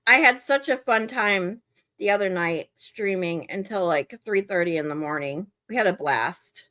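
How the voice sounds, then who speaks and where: A woman's voice: mid-range voice, normal speed, pushed and bright. A woman hosting a live stream, chatty and often laughing. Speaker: streamer host. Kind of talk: casual live-stream chat.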